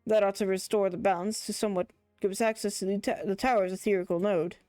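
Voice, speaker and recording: A woman's voice: mid-range voice, steady tone, fast, mellow, dry recording, close to an everyday voice. A practical, folksy crewman gives plain, businesslike instructions, read aloud by a woman streamer. The close, dry voice sits over faint game music. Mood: matter-of-fact.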